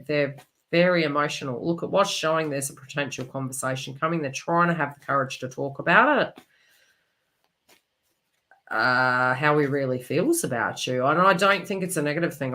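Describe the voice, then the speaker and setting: Low-voiced woman giving a psychic reading. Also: sharp tone. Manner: rambling and emotive, many fillers and restarts. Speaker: psychic tarot reader. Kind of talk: live online psychic reading.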